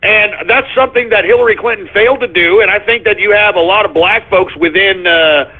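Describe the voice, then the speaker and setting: Profane, blustering male talk-radio host, raspy and high-pitched, heard through phone-narrow audio. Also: brisk. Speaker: call-in radio show host.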